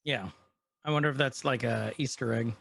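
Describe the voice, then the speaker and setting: A man's voice: medium pitch, moderate pace, gravelly, husky, no room sound, clean studio sound. A man co-hosting a casual podcast, animatedly retelling an episode and quoting its characters. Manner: animated retelling with quoted lines. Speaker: podcast co-host. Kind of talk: casual chat recapping an episode.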